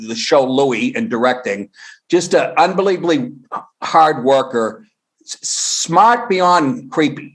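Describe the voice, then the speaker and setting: A middle-aged comedian telling stories on a podcast, animated and profane, acting out the people he quotes. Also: mid-range voice. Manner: animated storyteller, swears, acts out quotes. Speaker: guest comedian. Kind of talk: casual podcast chat.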